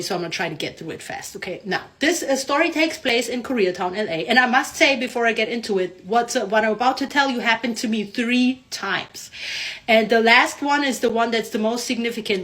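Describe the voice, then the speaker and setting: A woman telling a personal story to camera in casual style, animated, often adding "right?" and acting out what people said. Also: mid-range voice. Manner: animated, frequent "right?" tags, acts out quotes. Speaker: storyteller vlogger.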